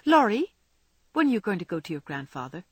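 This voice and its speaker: A woman's voice: medium pitch, sing-song, a little fast, slightly rough, no room sound. A woman voicing an earnest young woman who lectures her friend, in a storybook reading. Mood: lecturing.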